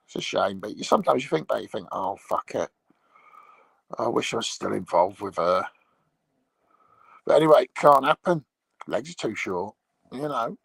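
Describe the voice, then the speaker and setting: A man's voice: lowish voice, gravelly, a bit bright, breathy edge, no echo. A middle-aged English man chatting crudely and rambling to viewers while lying on a bed at home. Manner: crude, swearing, meandering. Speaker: livestream host. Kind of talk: rambling casual chat to viewers.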